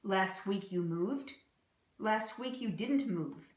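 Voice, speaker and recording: A woman teaching English pronunciation, saying example words slowly and clearly and repeating them. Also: mid-range voice, animated, echoey room. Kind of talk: slow, deliberate pronunciation lesson.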